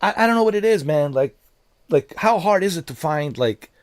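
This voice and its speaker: A man's voice: fairly high pitch, expressive, normal speed, no room sound. A man with a Slavic accent giving rambling, joking commentary on a game livestream, full of fillers and asides. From Slavic country. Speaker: game streamer. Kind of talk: casual gameplay livestream commentary. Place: living in America.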